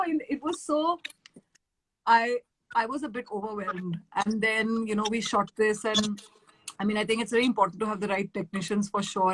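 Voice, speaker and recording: A woman's voice: medium pitch, a bit bright, a little hiss or hum, rough recording. A woman with an Indian English accent, a musician guest in a casual live-stream chat, telling stories animatedly with lots of fillers and acted-out quotes.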